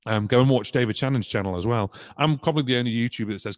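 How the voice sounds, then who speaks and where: Talking fast at a medium pitch, a loop musician from the UK runs an informal live-stream lesson on looping, with many ums and restarts in his chatty, wandering delivery. There's no echo, and his voice passes through a vocal mic and effects unit.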